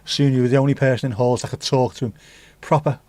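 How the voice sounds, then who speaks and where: A man's voice: mid-range voice, steady tone, quick pace, a little mellow, no echo. A man hosting a livestream, chatting casually and reading out viewer comments with rambling, jokey asides and free swearing. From England. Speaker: livestream host.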